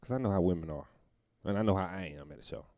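A man's voice: low voice, expressive, fast talker, warm tone, no echo. A male comedian delivering a profane, rambling casual podcast monologue.

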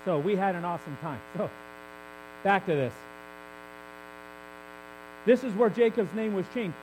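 Man, high voice, candid conversational preacher, faint mains hum behind. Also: animated, measured pace. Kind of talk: sermon.

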